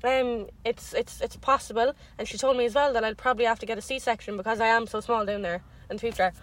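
A young Irish woman telling a story in casual chat, animated and swearing freely. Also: a little high, quick pace, slight background noise, low-quality recording.

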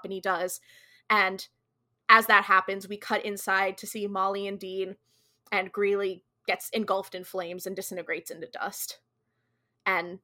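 A young woman talks through a TV episode, quoting the characters as she goes. Her voice is bright and clear, sitting in a middle pitch. She pads her sentences with likes and ums in an easygoing podcast way. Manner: chatty retelling with quoted dialogue, many likes and ums. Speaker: podcast co-host. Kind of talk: casual episode recap.

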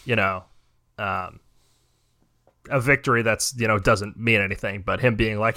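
A young adult man co-hosting a podcast, ranting and swearing in a casual chat and mocking people in quick impressions. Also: fairly low pitch, fairly even intonation, bright, forceful tone, no echo, studio quality. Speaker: podcast co-host.

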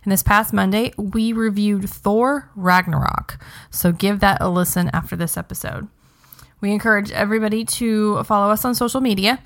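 Chatty woman podcast host, gravelly edge. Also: mid-range voice, steady tone, normal speed. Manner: chatty, upbeat, frequent ums. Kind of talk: casual podcast chat.

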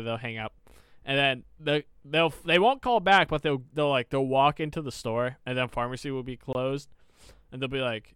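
Bright and forceful, this young man's medium-pitched voice stays clean and moves at a moderate pace as he co-hosts a casual podcast. He laughs frequently, mimics customers, and rants with plenty of swearing. The studio-quality audio has no echo.

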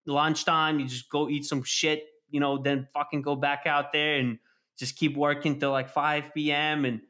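A man chatting casually on a podcast, animated and swearing constantly as he acts out scenes. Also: on the high side. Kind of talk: casual profane chat.

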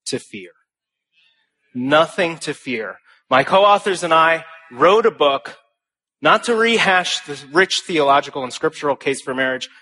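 Bright-voiced young man giving a speech. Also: a little high. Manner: earnest and humorous storytelling; emphatic rhetorical phrasing. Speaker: speaker. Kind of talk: speech to an audience.

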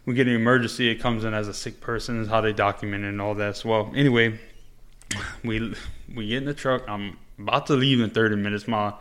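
A man's voice: on the low side, fairly even intonation, fast talker, fairly bright tone. A man hosting a casual interview, a former paramedic telling stories in a loose, laid-back way with lots of fillers and swearing. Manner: laid-back storyteller, frequent fillers and profanity. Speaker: podcast host, former paramedic.

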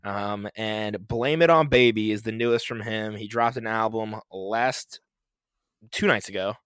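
A man's voice: lowish voice, unhurried, a bit bright, clean tone, no echo, studio quality. A man co-hosting a podcast, chatting casually about new music, rambling with fillers and laughing as he goes. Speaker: podcast co-host. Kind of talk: casual music review chat.

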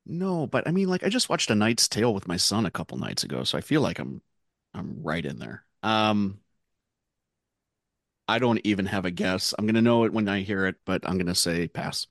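A man playing a trivia game on a podcast, thinking out loud in a relaxed way. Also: on the low side, moderate pace, no echo, clean studio sound. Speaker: quiz contestant. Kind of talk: casual podcast chat.

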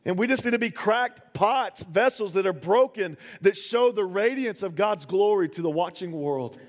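A man preaches a sermon in a relaxed, chatty way, often stopping for small fillers as he talks. His voice sits high for a man. The sound carries a long reverb, as if it were recorded in a large hall. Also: normal speed. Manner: casual, conversational preaching with many fillers. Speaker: pastor.

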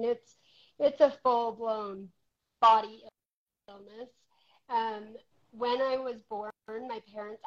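A woman in her forties shares her own story as a guest, speaking in a heartfelt and candid way. Her voice is high-pitched and rises and falls in loudness. The recording sounds dull and lo-fi. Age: 40s. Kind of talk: personal testimony in conversation.

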